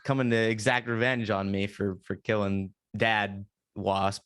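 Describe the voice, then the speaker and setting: A man's voice: on the low side, little pitch movement, measured pace, fairly bright tone, clear, resonant tone. A young man hosting a podcast, telling a story in casual chat and acting out his own panicked reactions. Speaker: podcast host.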